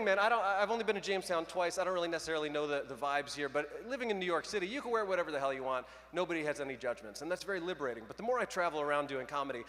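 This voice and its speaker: Self-deprecating stand-up comic in an arena. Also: male voice, fairly high pitch, fairly bright tone. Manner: self-deprecating, conversational, crowd banter. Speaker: stand-up comedian. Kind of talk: stand-up comedy set. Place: large arena stage. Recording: arena reverb, faint crowd noise. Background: audience laughter.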